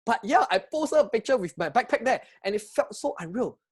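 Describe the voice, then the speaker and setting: A man with a Singaporean English accent, telling a travel story to camera in an excitable, chatty way and asking his viewers questions. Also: high-pitched, brisk, hardly any pauses, breathy edge. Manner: excitable, chatty, asks viewers questions, frequent laughs and restarts. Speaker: travel vlogger. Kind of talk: animated personal storytelling to camera.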